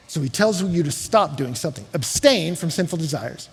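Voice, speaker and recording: A middle-aged man preaching a sermon as a pastor, animated, swinging from quiet asides to shouts. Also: on the high side, a little fast, creaky, hardly any pauses, breathy edge. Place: large church hall. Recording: long hall reverb.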